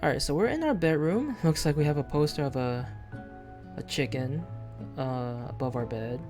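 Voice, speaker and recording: A man's voice: on the high side, moderate pace, darkish tone, soft background music. A man streaming a video game live, chatting casually in a rambling, hesitant way with lots of fillers and restarts.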